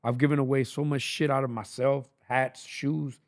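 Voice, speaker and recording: A man's voice: mid-range voice, steady tone, moderate pace. A man from Los Angeles, a record label founder, talking as a guest in a casual podcast chat with slangy, emphatic street talk and lots of swearing.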